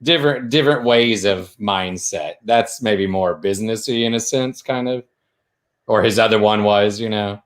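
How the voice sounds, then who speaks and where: A laid-back man joins a casual live-stream chat, with a somewhat low voice. He throws in relaxed joking asides. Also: normal speed.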